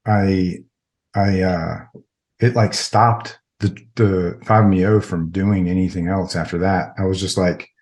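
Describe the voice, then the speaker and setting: A man's voice: low voice, a little mellow. A middle-aged man, a military veteran, telling a personal story as a podcast guest in a rambling, casual way full of filler words.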